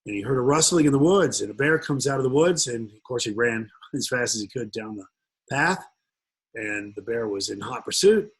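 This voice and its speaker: A man hosting an investment webinar, talking casually with jokes, rambling and filling pauses with ums. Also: mid-range voice, animated, husky, low-quality recording. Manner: rambling, joking, many fillers. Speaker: webinar host and investment speaker.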